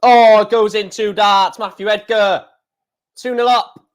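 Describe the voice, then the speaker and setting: Man, slightly high voice, casual live-stream chatter, blunt, swears a lot. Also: level tone, measured pace. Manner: blunt, frequently swearing and exclaiming. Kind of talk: casual live-stream chat, reading viewer comments.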